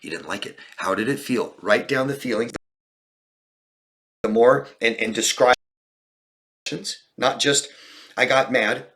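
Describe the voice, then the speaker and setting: A man's voice: medium pitch, measured pace, long pauses, fairly bright tone. A man coaching viewers in a Q&A, talking in an earnest, direct way with many restarts. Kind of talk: Q&A advice talk.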